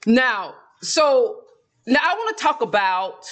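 High-voiced man with a Georgia drawl. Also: very animated, takes it slowly, fairly bright tone. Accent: Southern US, Georgia. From South Georgia, US. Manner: rambling, laughs often. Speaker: vlogger. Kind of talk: casual chatty monologue.

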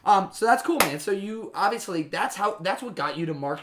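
A man hosting a casual bar podcast, animated and joking with a lot of swearing. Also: high-pitched, a little fast, background noise. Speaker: podcast host and bartender.

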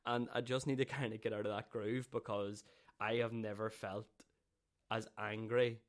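A man with a fairly low voice chats loosely on a podcast. He rambles, restarts and swears freely. He pokes fun at himself. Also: level tone, moderate pace. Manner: swears a lot, rambling and self-mocking. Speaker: podcast co-host. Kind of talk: casual chat.

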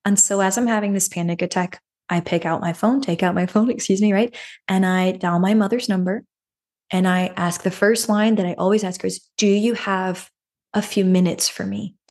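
Her medium-pitched, darkish voice holds a fairly even intonation at a moderate pace. Hosting a podcast, she earnestly tells a personal story and offers self-help advice, repeating phrases and frequently asking a rhetorical "right?".

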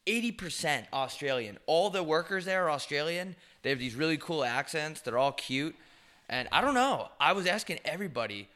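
A young man trades crude jokes and rambling stories with his co-host, his voice bright and forceful. He talks in loose, animated casual chat. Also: a little high, normal speed. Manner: crude, joking, animated storytelling. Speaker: podcast co-host.

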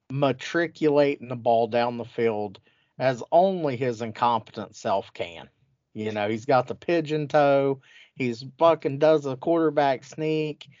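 A man trashes a team with crude, gleeful mockery, his voice sitting at a middle pitch. The sound is dry and a little dull, with no room around it. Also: dry recording. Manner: mocking, crude, animated storytelling. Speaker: podcast host. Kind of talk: profane sports banter.

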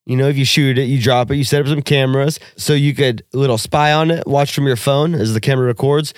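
A man's voice: mid-range voice, fairly even intonation, fast, dry recording. Profane joking man, dry close sound. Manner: profane, joking, laughs often. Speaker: podcast co-host. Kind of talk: casual chat.

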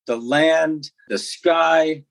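A man's voice: fairly high pitch, drawn-out words, gravelly, no room sound, poor audio. A man chatting casually, rambling and mocking himself as he tells a story. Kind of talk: casual chat.

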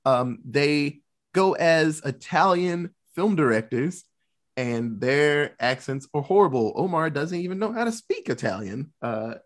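A man hosting a podcast, casually recapping a film with lots of fillers and quick asides. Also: a little high, lively intonation. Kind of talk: casual movie recap chat.

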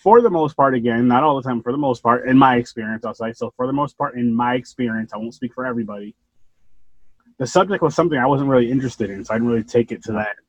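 Husky guy hosting his podcast, rambly chat, dull dry sound. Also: mid-range voice, no room sound. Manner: rambling, animated, swears casually. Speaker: podcast host.

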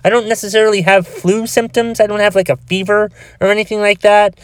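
A man hosting a podcast by himself sounds high, clear and resonant, speaking fairly fast in a level tone on a dry recording. He has a cold with a cough, and he rambles with restarts, frustrated and swearing heavily.

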